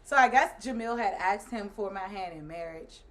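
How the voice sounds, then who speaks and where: Woman in her 30s, casual storytelling, animated, laughs a lot, does little voices for people. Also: medium pitch, normal speed. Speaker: guest, host's wife.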